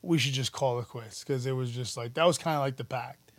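A man, telling stories about his past in an animated, profane, casual interview. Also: medium pitch, brisk, dry recording. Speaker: podcast guest, musician and actor.

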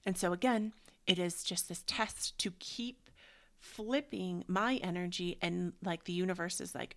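A woman in her thirties talks through a spiritual book club in a loose, rambling way. Her voice sits a little low and carries a gravelly fry, and she often sinks into a hushed, dreamy whisper. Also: a little fast. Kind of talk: casual spiritual chat.

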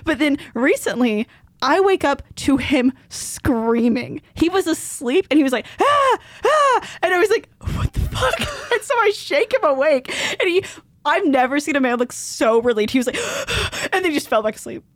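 A woman's voice: sits high, a little fast, no echo. A woman co-hosting a podcast, telling stories in casual chat with lots of giggling. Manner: giggly, animated storytelling. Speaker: podcast co-host.

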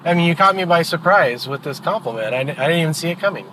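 Middle aged dad talking in the car, bit high voice, earnest and rambly, lots of road noise. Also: male voice, animated, fast. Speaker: podcast host and father. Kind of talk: casual chat in a car. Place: in a moving car.

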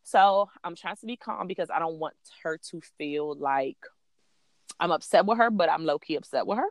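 A woman in her thirties with a fairly low voice tells a story from her own life, casual and blunt, cursing freely and getting animated as she goes. The recording is dry and close. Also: moderate pace, no echo. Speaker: podcast host.

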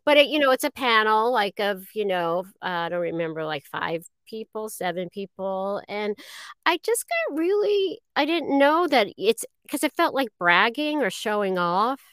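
Middle-aged woman, interview guest; halting, modest delivery, very dry close sound. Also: medium pitch, big pitch swings, a bit bright, smooth, dry recording. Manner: halting and self-deprecating, many fillers. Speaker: guest voice actress. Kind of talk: casual interview chat.

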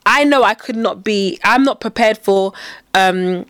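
A woman co-hosting a podcast, chatting casually with a giggly, animated way of telling stories. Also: mid-range voice, measured pace, no room sound. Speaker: podcast co-host. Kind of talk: casual chat.

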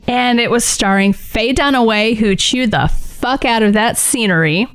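A woman in her forties co-hosting a podcast, chatting in an animated, joking way with plenty of swearing. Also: fairly high pitch, normal speed, smooth, no echo. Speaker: podcast co-host. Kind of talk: casual chat.

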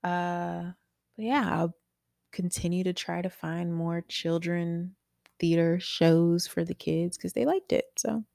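A woman in her thirties in a casual chat, her voice low and gravelly. She laughs easily and acts out quotes with sudden high leaps in pitch. The sound is dry and close. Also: slow pace, dry recording. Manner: animated, acts out quotes with big pitch jumps, laughs often. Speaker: podcast co-host.

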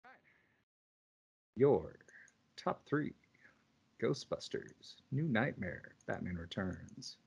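A man's voice: fairly low pitch, takes it slowly, vocal fry, pauses often, breathy edge. Laid-back male podcast co-host. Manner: laughing, animated retelling of scenes. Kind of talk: casual chat.

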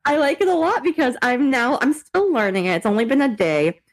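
A woman's voice: high voice, big pitch swings, brisk, poor audio. A young woman co-hosting a podcast, chatting casually and teasing with frequent giggles. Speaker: podcast co-host. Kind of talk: casual chat.

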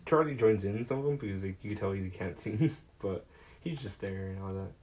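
A man's voice: fairly low pitch, brisk, a little mellow, poor audio. A man casually recapping a movie, rambling and swearing often. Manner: rambling, swears often, lots of fillers and laughs. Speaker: podcast host.

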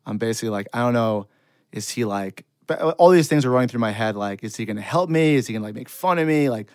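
A man's voice: medium pitch, lively intonation, quick pace, clear, resonant tone, dry recording, studio quality. A man telling a long, self-deprecating funny story in casual chat. He rambles and laughs often.

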